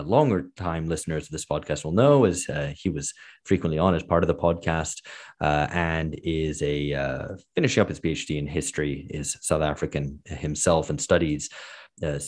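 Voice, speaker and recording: A man hosting a podcast in casual chat, relaxed and hesitant with many fillers, speaking over a remote call. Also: very deep voice. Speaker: podcast host.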